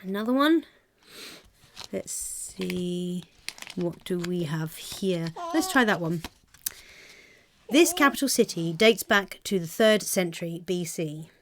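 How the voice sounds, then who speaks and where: A woman's voice: lowish voice, expressive, takes it slowly, long pauses, fairly bright tone, slight background noise. An English woman co-hosting a comic chat show, reading quiz clues aloud and laughing easily. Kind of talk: playful live show banter.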